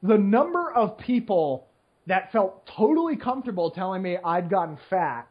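With a high, breathy voice and big pitch swings, a poker player rambles at a moderate pace through a filler-heavy, casual monologue, often asking "right?" He lampoons complainers in whiny put-on voices, and the lo-fi recording is slightly muffled.

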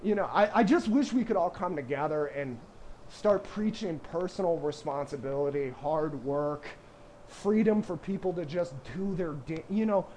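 A young man talks loosely on a podcast, a slightly higher voice full of fillers and restarts. He pokes fun at himself and laughs often as he rambles along. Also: expressive, moderate pace, a little mellow, a little hiss or hum. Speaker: podcast co-host, professional poker player. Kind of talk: casual chat.

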